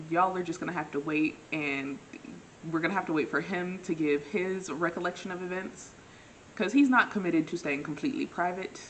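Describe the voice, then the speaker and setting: Young woman vlogging a dating story, kinda low voice, jokes on herself a lot, faint hiss. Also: low-quality recording. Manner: animated, acts out quotes with big pitch jumps; self-mocking, laughs often. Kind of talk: casual storytelling.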